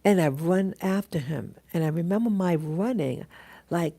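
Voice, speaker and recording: A woman telling a dream in a casual, halting monologue, full of restarts and fillers as she greets viewers of her live stream. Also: on the low side, vocal fry, warm tone. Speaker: vlogger recounting a dream.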